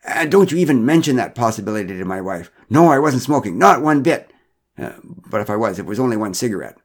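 A man's voice: fairly low pitch, lively intonation, fast talker. A man voicing a flustered middle-aged father who is out of breath, stammering and making defensive excuses. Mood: protesting.

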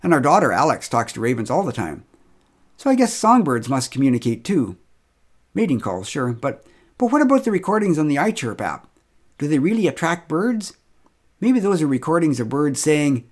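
A man's voice: fairly high pitch, sing-song, normal speed. A middle-aged man telling a humorous first-person story with wry, dry humor.

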